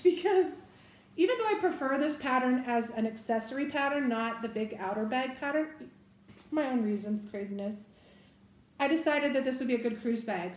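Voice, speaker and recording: A woman's voice: a little high, echoey room. A woman giving a casual product review of bags, chatty and giggly with self-correcting asides. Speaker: bag reviewer.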